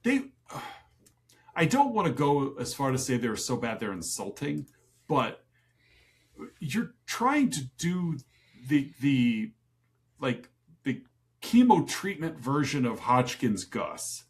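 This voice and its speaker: A man's voice: medium pitch, big pitch swings, slow, long pauses. A man co-hosting a casual movie review podcast, easygoing and cracking dry jokes. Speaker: podcast co-host.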